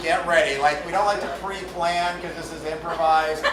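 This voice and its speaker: A man hosting and refereeing a live improv comedy show on a theater stage, playful and jokey, now and then shouting to the crowd. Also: a little high, steady tone, moderate pace. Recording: roomy hall, distant mic, loud noise.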